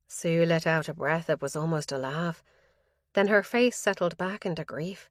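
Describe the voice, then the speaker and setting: A woman narrating a crime audiobook in a measured, even reading voice on a close microphone. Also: sits low, no room sound. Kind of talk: scripted narration.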